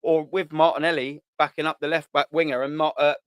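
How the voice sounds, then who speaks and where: A man's voice: on the high side, little pitch movement, a little fast, clear, resonant tone, no echo. Blunt slangy man hosting a live stream. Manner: blunt, slangy, swears, repeats words. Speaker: host of a live fan show. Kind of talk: casual live-stream chat reading comments.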